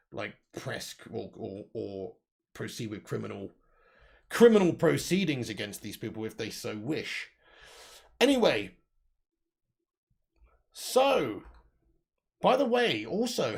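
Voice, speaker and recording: A man's voice: medium pitch, gravelly, slightly rough. A young man hosting a casual football livestream, talking bluntly, swearing often and reading out the live chat. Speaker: football channel livestream host.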